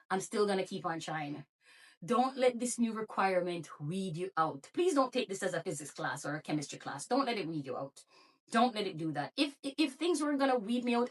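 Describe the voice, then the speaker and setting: A woman with a Jamaican accent speaks in a relaxed, motivational vlog. She works as a therapist and makes videos, and she keeps her viewers going with pep talk and repeated rhetorical questions. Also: medium pitch, recorded from a distance. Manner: encouraging, full of rhetorical questions. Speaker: YouTube creator and therapist.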